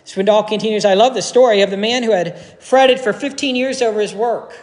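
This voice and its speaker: A male pastor gives an earnest sermon in a church, quoting authors and pausing for effect. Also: high-pitched. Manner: earnest, quotes authors, dramatic pauses. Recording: long hall reverb.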